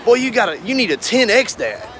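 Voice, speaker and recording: A man's voice: very high-pitched, big pitch swings, fairly quick, fairly bright tone, a little hiss or hum. A man, talking casually to his viewers in a rambling, earnest, folksy way. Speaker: business owner vlogger. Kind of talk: casual talk to camera.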